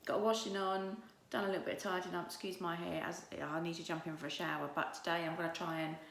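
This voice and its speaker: A woman's voice: lowish voice, level tone, fast talker, a bit bright, roomy sound, a little hiss or hum. Chatty woman vlogging on a phone. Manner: half-whispered, breathy asides while walking; chatty and rambling with many fillers. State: out of breath. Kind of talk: casual chatty vlog. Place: outdoors on a road at night, walking uphill; at home indoors. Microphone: phone held at arm's length.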